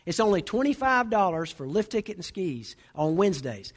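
A man's voice: high voice, sing-song, normal speed. A man voicing his wife, a cheerful woman in her forties who sounds upbeat and easygoing. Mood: reassuring.

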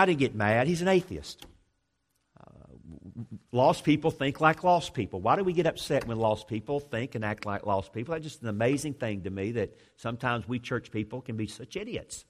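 A man in his fifties preaching a sermon, driving hard on some points and dropping low and quiet on others. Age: 50s. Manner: emphatic preaching, swinging between loud declarations and low, quiet intensity. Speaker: pastor.

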